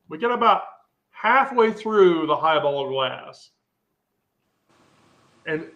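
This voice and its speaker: A woman's voice: fairly low pitch, fairly bright tone. A woman hosting a live social stream, telling a rambling, profane story full of asides.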